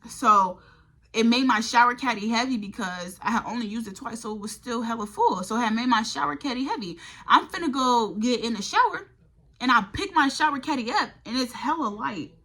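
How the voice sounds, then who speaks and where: A woman's voice: fairly high pitch, animated, brisk, bright, forceful tone. A young woman vlogger telling a college storytime in a casual, profane, exasperated way. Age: young adult. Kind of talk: storytime vlog.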